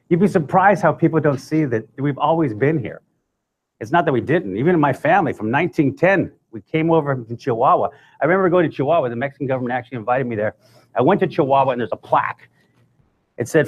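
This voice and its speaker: A man's voice: medium pitch, animated, fast talker, husky. A man giving a talk to an audience as a guest speaker, telling stories in a conversational style with joking asides. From United States. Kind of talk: comic storytelling talk.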